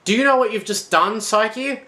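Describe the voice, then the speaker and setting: A man's voice: high voice, normal speed, sharp tone, pitched above the performer's own voice. A man voicing a young male god of love who accuses his wife in a raised, anguished voice.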